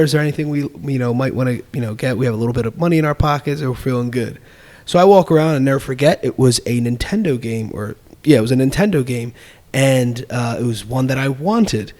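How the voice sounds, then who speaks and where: A man on a podcast casually telling a childhood story, acting out the quoted voices and laughing often. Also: mid-range voice. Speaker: podcast host.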